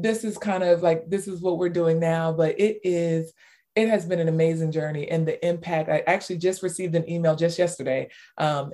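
A woman author as an interview guest, telling stories with lots of fillers and bursts of excitement. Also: low voice. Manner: animated storyteller, many fillers, squeals in retold cheers. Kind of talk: casual interview talk.

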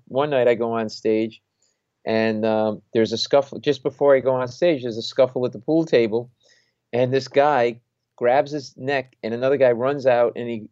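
A man, a comedian, telling an animated anecdote in conversation, acting out the people he quotes and laughing as he goes. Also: medium pitch, no echo, highs cut off. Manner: acts out quoted voices, laughs mid-story. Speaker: stand-up comedian guest.

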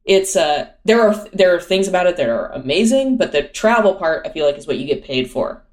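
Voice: medium pitch, lively intonation, fairly quick. A young adult touring performer chatting casually, full of fillers and self-mocking asides. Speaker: touring musician-comedian, guest. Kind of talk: casual chat.

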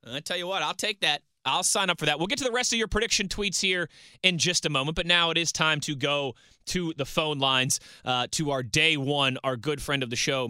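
Male sports talk host, very bright, slightly high voice, dry close studio sound, chatty. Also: smooth, dry recording. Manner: chatty, reads listener tweets and banters. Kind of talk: solo sports talk radio.

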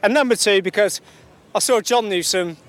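A man from England with a high voice sounds cheerful and chirpy as he talks about his race outdoors. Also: moderate pace. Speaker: race finisher.

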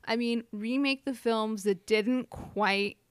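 A woman's voice: a little high, takes it slowly, smooth, no room sound. A woman co-hosting a casual podcast chat, hesitant and agreeable, with lots of fillers. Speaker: podcast co-host.

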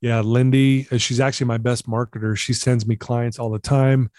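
A middle-aged man recounting a personal story as an interview guest, earnest and animated, acting out the dialogue. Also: mid-range voice, moderate pace, no echo, studio quality.

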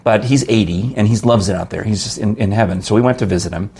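A man's voice: fairly low pitch, quick pace, darkish tone, slightly rough. A man from New York with a New York accent, chatting casually and telling rambling, playful stories. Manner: rambling storyteller, playful, laughs often. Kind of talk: casual chat.

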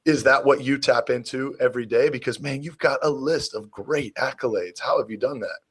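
A man's voice: mid-range voice, moderate pace, slightly rough. A man hosting a podcast, enthusiastic and affirming as he responds to his guest and asks questions. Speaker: podcast host. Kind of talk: podcast interview conversation.

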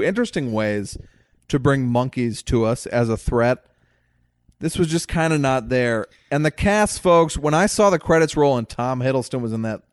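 A man's voice: medium pitch, no echo, studio quality. A man co-hosting a podcast, blunt and sarcastic in casual movie talk. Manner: blunt, sarcastic, quick jokes. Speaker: podcast co-host. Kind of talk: casual movie review chat.

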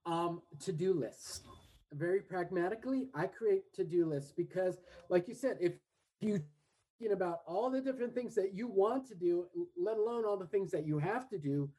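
A man's voice: high voice, moderate pace, dark tone, husky, poor audio. An American man in his forties, a guest and English teacher, chatting casually in an upbeat, rambling way and laughing often. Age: 40s. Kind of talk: casual interview chat.

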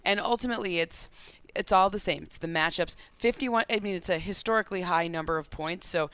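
A man's voice: sits high, fairly quick, pushed and bright, smooth, dry recording. A man co-hosting a sports show as the stats analyst, talking through points in a hesitant, analytical way. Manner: hesitant, analytical, self-interrupting. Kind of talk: casual sports debate.

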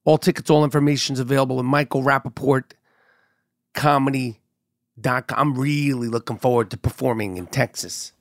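A middle-aged man hosting a podcast, telling stories in an animated, profane way while sounding a bit sick and congested. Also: fairly high pitch, no echo, clean studio sound. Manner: animated storyteller, swears freely. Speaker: podcast host. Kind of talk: casual monologue.

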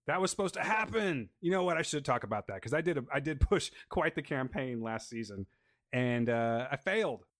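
A man's voice: mid-range voice, expressive, a little fast, fairly bright tone. A man hosting a casual podcast who jokes and rambles as he breaks down scenes from a show. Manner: laid-back, joking, rambling. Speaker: podcast host. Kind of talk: casual chat and episode breakdown.

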